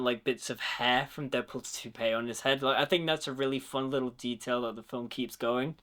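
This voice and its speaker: Chatty young man reviewing a film. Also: fairly high pitch. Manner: chatty, fills speech with "like"; enthusiastic, quotes lines in animated voices. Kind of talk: casual film reaction commentary.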